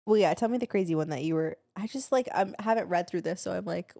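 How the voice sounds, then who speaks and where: A young woman co-hosting a podcast in casual chat, blunt and quick to laugh. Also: on the low side, vocal fry, dark tone, no echo, studio quality. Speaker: podcast co-host.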